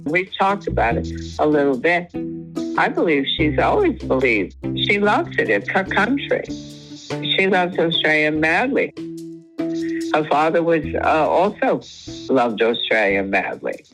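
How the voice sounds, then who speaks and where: An interviewee talks with emphatic enthusiasm, leaning hard on her words. The voice is mid-pitched, with faint music underneath. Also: big pitch swings, measured pace, low-quality recording.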